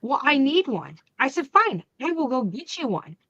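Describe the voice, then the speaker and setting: A woman hosting a crafting channel, chatting casually and acting out the family arguments in her story with lively energy. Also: high voice, normal speed, no echo, dull audio. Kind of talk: casual chat.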